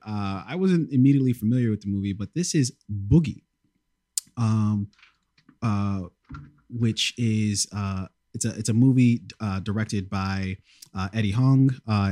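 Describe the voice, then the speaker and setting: A man hosts a podcast in loose, rambling film chat, with plenty of ums and the odd curse. His voice sits low. It sounds close and dry, with little room around it. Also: warm tone, dry recording. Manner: rambling, full of ums, casual swearing. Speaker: podcast host.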